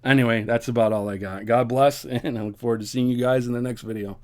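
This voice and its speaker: A man's voice: mid-range voice, steady tone, quick pace. A man giving casual commentary to camera in an earnest, rambling way, repeating himself and laughing wryly. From United States. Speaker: vlogger.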